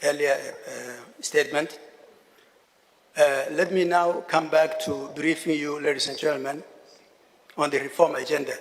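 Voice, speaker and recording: Formal male minister in an echoing hall. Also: on the high side. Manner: measured, repeats key phrases for emphasis. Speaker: government minister. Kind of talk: formal conference speech. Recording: long reverb of a large hall.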